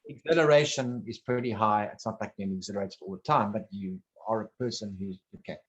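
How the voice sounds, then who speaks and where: A man talking casually one on one, rambling and halting, restarting his sentences and swearing bluntly now and then. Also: fairly low pitch.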